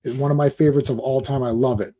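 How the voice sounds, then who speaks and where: A man hosting a live stream, ranting and swearing, dropping into quick impressions of other people. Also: mid-range voice, fairly even intonation, dark tone. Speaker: host.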